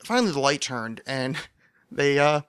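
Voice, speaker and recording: A man tells a rambling story on his own podcast, wry and self-deprecating, with plenty of "uh" and restarts. His voice sits at an ordinary middle pitch. The recording is close and completely dry. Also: sing-song, unhurried, fairly bright tone, smooth, no echo. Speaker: podcast host. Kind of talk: casual storytelling monologue.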